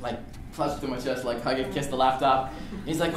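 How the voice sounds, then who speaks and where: A young man telling a lively story to an audience in a lecture room, sometimes shouting out the lines he acts out. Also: mid-range voice, quick pace. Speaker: student speaker. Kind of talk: storytelling talk. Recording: echoey room, distant mic.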